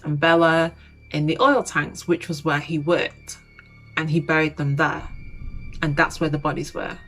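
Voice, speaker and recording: A young woman with a low voice tells a story in a loose, chatty way and keeps saying you know and like. She acts out what people said as she goes. Faint music plays underneath. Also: low-quality recording. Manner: chatty, acts out quotes with lots of you-knows and likes. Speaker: YouTuber. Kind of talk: casual retelling of a documentary.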